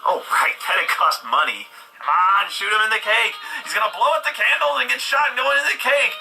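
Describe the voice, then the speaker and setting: A man's voice: sits high, lively intonation, a little fast, creaky, pushed and bright, rough recording. A man doing sarcastic, profane comedy review commentary and mocking what he watches. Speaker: film and TV reviewer.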